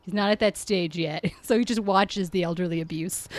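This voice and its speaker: A woman's voice: medium pitch, moderate pace, darkish tone, no room sound. Laughing woman recapping an episode. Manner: chatty, laughs often, acts out quotes. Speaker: podcast co-host. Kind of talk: casual chat recapping an episode.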